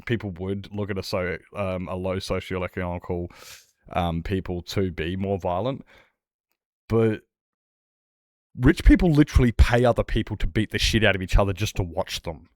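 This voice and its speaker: A man's voice: sits low, normal speed, no echo, studio quality. A young man streaming a game, chatting casually with chat in a rambling, blunt way and swearing freely. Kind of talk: casual chat while gaming.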